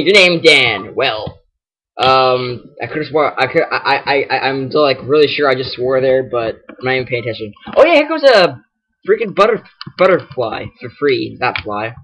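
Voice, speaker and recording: A man's voice: medium pitch, expressive, moderate pace, pushed and bright, breathy edge, poor audio. A man hosting a casual video game walkthrough, rambling and stumbling over his words as he reads the on-screen text aloud. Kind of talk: casual gameplay commentary.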